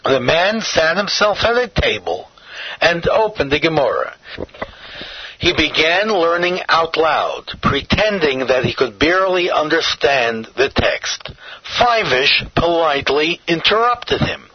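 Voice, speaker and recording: A man narrating a scripted story in a measured, expressive reading. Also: on the high side, breathy edge. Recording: dull, dry lo-fi recording.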